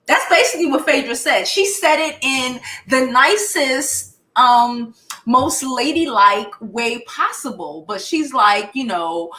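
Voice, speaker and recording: A woman's voice: high voice, slow pace, echoey room. A woman with a Brooklyn accent giving blunt, profane pop culture commentary in casual chat. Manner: blunt and profane, animated retelling.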